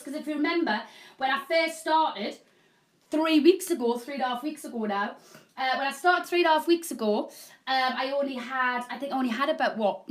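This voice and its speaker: A middle-aged woman hosting a live shopping channel, rambling and chatting casually with viewers. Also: high voice. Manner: chatty, rambling, self-deprecating. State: having a hot flush. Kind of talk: live selling chat.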